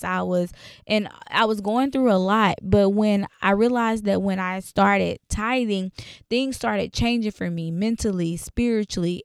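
Casual woman Bible teacher, gravelly yet smooth voice, chatty delivery. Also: medium pitch, dry recording, clean studio sound. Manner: conversational, many fillers, reads scripture aloud.

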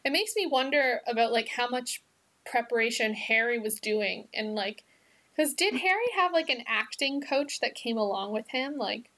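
Chatty higher-voiced woman co-host. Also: animated, moderate pace, fairly bright tone. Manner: chatty, many fillers. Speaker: podcast co-host. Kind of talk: casual chat.

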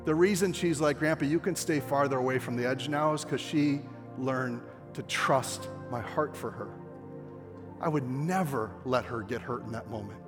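An older man preaching a sermon with passion, his voice climbing toward near-shouts at the key points. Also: medium pitch. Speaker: pastor. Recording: long hall reverb with faint music.

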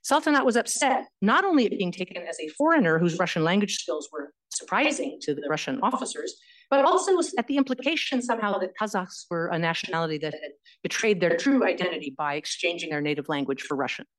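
A woman history professor giving an academic lecture, speaking in a measured way with frequent fillers and self-corrections. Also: on the low side, lively intonation, low-quality recording.

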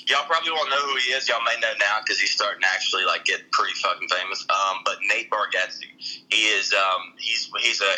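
A young man with a Southern drawl talks casually as a podcast guest. His voice sits low but sounds very bright. He tells long, rambling, profane stories with lots of restarts. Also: low-quality recording. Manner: rambling, profane, animated storytelling. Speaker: comedian guest.

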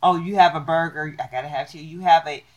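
A woman co-hosting a casual podcast, soft-spoken and trailing off at the ends of her phrases. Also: sits low, fast talker. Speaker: podcast co-host. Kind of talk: casual chat.

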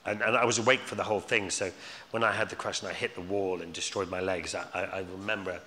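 A man's voice: low voice, steady tone, quick pace, bright, forceful tone, a little hiss or hum. A man speaking as a guest at a live Q&A, telling stories in a rambling way with lots of restarts and repeated words. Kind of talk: anecdotal storytelling at a live Q&A. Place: stage in a hall before an audience. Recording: live hall reverb, faint ambience.

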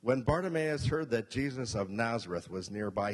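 A man's voice: medium pitch, expressive, brisk, few pauses, slightly rough. A male pastor preaching a sermon, emphatic, repeating key points and asking the congregation questions. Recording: long reverb of a hall.

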